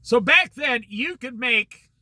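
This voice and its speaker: An older man spins a rambling story from his past, acting out both sides of old conversations as he goes. His pitch sits high for a man and swings widely from phrase to phrase. The tone is very bright and ringing, and the dry, close sound has no room echo at all. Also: lively intonation, slow. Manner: rambling anecdotal storyteller, quotes people in conversation. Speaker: host. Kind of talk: casual storytelling monologue.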